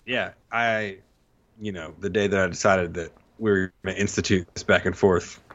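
A relaxed man talks through a song with a friend, easygoing and full of little fillers. His voice sits a bit low, and the recording sounds dull and muffled. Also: normal speed. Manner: laid-back, chatty, reads song lyrics aloud with a laugh. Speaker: co-host discussing songs. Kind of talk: casual chat.

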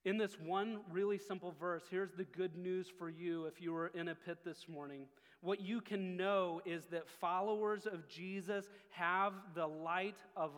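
High-voiced man preaching in a hall. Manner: earnest preaching, drops low and quiet on key phrases. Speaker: pastor. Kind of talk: sermon.

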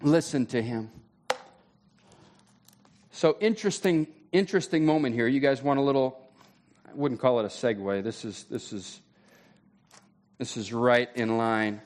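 A man preaching a sermon in a conversational way, his voice climbing when he gets excited. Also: mid-range voice, moderate pace. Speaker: pastor.

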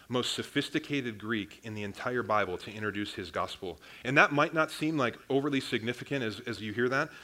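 A man's voice: medium pitch, bright, forceful tone. A young man, a pastor, preaching a sermon in a casual, conversational way, often calling the congregation "guys" and restarting his sentences.

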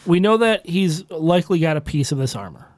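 A man's voice: fairly high pitch, lively intonation, a little fast, a little mellow, no room sound, clean studio sound. A man playing a tabletop game, explaining his reasoning casually. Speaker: player.

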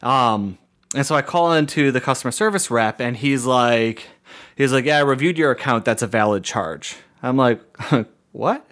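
A man spins a story in easy, casual chat, jumping into the voices of the people he quotes. His talk is loose and full of "like", and his voice sits at an ordinary middle pitch. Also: normal speed. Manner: animated, acts out quoted dialogue, lots of "like" fillers, laughs between lines. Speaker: podcast co-host and streamer.

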